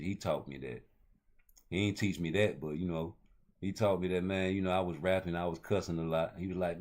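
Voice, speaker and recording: A man's voice: low voice, a little mellow. A man hosting a casual boxing talk show, rambling in loose street slang. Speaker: host.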